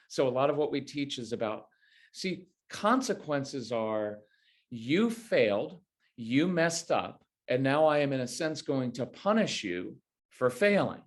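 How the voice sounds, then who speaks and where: Animated man giving parenting advice. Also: mid-range voice. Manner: animated, acts out parent lines in quoted voices. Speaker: parenting expert guest. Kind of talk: conversational interview advice.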